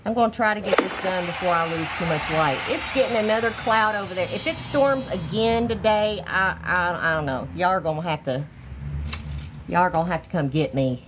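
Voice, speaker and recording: A woman's voice: fairly low pitch, a little fast, noisy background. Chatty, effusive woman hosting a live tutorial. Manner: chatty, effusive, easily excited. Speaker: crafter hosting a livestream tutorial. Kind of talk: casual live demonstration. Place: outdoors or by an open window, fading daylight.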